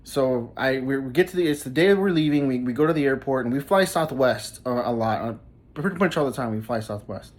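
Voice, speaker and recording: Young man, casual vlog storyteller, halting and repetitive delivery. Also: mid-range voice. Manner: halting, repeats words often, laughs mid-sentence. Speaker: vlogger.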